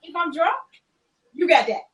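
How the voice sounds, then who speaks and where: A woman with a high, swooping voice joins a casual chat. She laughs often and speaks in drawn-out phrases. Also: animated, fairly bright tone. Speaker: guest.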